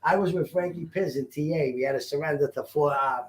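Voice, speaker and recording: High-voiced laughing man, echoey room. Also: fast talker. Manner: laughs loudly, tells his own prison tale. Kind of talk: casual chat. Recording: echoey room with faint noise.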